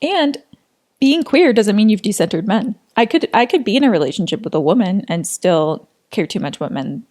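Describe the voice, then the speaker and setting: A woman's voice: mid-range voice, lively intonation, moderate pace, a little mellow. A woman in her late twenties co-hosting a podcast, talking candidly in casual chat, with lots of "like" fillers and frank swearing. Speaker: podcast co-host.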